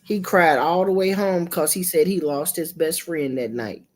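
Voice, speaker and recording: A middle-aged woman with a lowish voice hosts a casual livestream chat. She tells stories in an animated, profane way, jumping between narration and quoted voices. She talks into a home streaming mic. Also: normal speed. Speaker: livestream host. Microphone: streaming setup mic.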